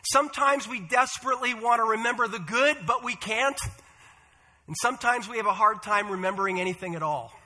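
High, bright-voiced male preacher. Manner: measured, earnest delivery with "uh" fillers. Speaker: pastor. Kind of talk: sermon.

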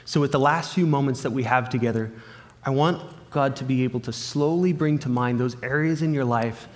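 A man's voice: medium pitch, fairly quick. A man giving a sermon, telling a personal story in an earnest way and acting out the remembered dialogue. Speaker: pastor. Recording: reverberant hall.

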